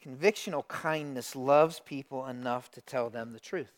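Middle-aged pastor preaching with smooth clarity. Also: male voice, mid-range voice, normal speed. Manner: dynamic preaching, swings from hushed to loud emphasis. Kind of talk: sermon.

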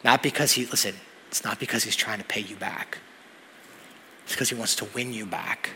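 A man preaching a sermon as pastor, telling stories in an animated way that builds to loud, emphatic peaks. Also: on the low side, normal speed, a little hiss or hum. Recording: long hall reverb.

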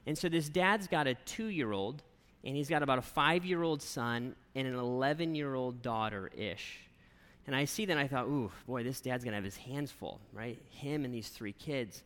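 A man preaching a sermon as a pastor, telling a story in a lively, conversational way and often checking in with "right?". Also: medium pitch, normal speed. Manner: animated storyteller, conversational, keeps asking "right?". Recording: long reverb of a large hall.

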